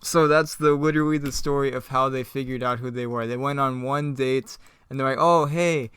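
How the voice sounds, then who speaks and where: A man's voice: medium pitch, level tone, fairly quick, fairly bright tone, clear, resonant tone, dry recording. Sarcastic young man reading an old script. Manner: laughs often, sarcastic asides. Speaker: reader mocking his own old script.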